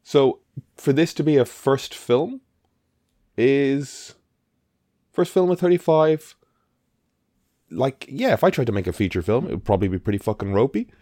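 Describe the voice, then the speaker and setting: This man sounds animated, speaking at a moderate pace in a mid-range voice with a dark tone and frequent pauses. As a podcast co-host he chats loosely about a movie, rambling, emphatic and occasionally swearing, in clean studio audio without echo.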